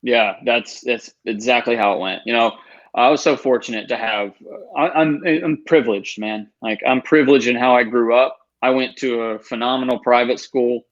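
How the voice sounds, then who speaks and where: Thirtysomething guy telling his story on a podcast, earnest and animated, kinda dull lo-fi audio. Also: medium pitch, moderate pace. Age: 30s. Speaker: guest.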